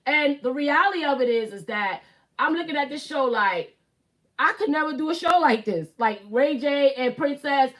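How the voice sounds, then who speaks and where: A woman's voice: sits high, lively intonation, normal speed, a bit bright. A woman in her thirties with a Brooklyn accent, hosting a casual live stream and talking bluntly, with swearing and emphatic repeats. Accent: Brooklyn New York. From Brooklyn, New York. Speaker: YouTube live host.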